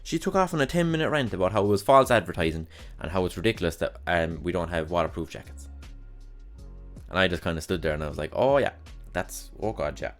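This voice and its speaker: Young male podcast host, deep voice, rambling and profane, exasperated storyteller. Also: expressive, fast talker, faint music behind. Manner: exasperated ranting about past jobs. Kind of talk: casual solo monologue.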